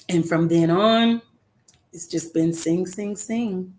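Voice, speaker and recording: A middle-aged woman with a fairly low voice chats as a guest singer over a remote call. She talks earnestly and encouragingly, with plenty of "um"s along the way. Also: takes it slowly, darkish tone. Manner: conversational with frequent "um" fillers, earnest and encouraging. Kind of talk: casual interview.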